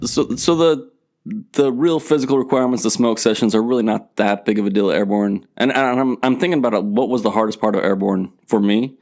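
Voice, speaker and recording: A man in his forties with a lowish voice, guiding a relaxed podcast conversation. He turns topics over to the others with plain, easygoing questions. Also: brisk. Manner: steers the talk, asks the others questions. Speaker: podcast co-host. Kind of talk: casual chat.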